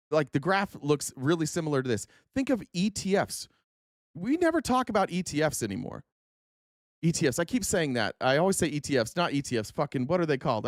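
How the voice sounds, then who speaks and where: A man's voice: a little high, no room sound, studio quality. Rambling swearing male podcast host. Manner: rambling, swears, many fillers. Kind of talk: casual commentary.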